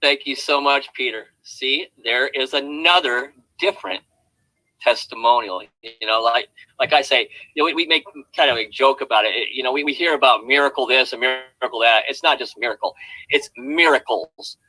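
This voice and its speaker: Bright-voiced man hosting testimonials. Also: medium pitch, a little fast, no echo, poor audio. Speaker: host.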